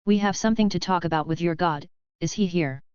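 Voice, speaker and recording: A woman's voice: fairly low pitch, brisk, a little mellow, clear, resonant tone, no room sound, dull audio, natural voice. A woman voicing a confident young man who leads his group, speaking bluntly and in a businesslike way.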